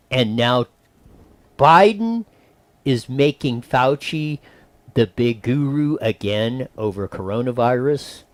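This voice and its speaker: A man's voice: medium pitch, no room sound. A man hosting a talk radio show, giving opinionated commentary in a rambling way with many restarts and acted-out quotes. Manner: animated, wandering, with frequent restarts and acted-out quotes.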